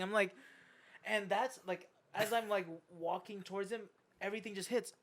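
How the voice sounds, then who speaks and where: A young adult podcast host at a middle pitch spins a long, profane story in relaxed chat. The delivery keeps breaking into laughter and grows loud and animated as the tale builds. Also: moderate pace.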